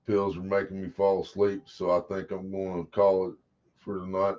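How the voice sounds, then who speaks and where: A man rambles through a casual livestream, swearing freely as he chats with viewers. His voice sits a little low. The audio is dull and lo-fi. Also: little pitch movement, moderate pace, a little mellow. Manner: profane, rambling, talks to chat. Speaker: livestream host.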